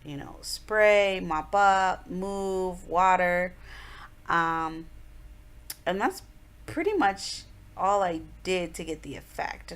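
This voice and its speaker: Woman, 30s, casual tutorial voice-over, rambling and chatty, low-pitched. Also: a bit bright. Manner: chatty, rambling, with many fillers. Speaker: art journal tutorial host.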